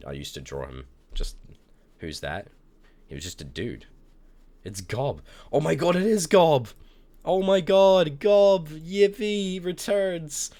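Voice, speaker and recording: A young man with a very low voice talks casually on a live stream. He rambles through loose anecdotes and breaks into loud, cursing outbursts now and then. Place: indoors at a streaming setup.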